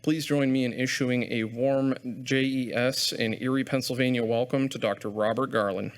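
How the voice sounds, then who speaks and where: A man's voice: mid-range voice, fairly even intonation, moderate pace. A man hosting a live lecture event, making chatty, self-deprecating announcements to an audience in a hall. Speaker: event host and program organizer.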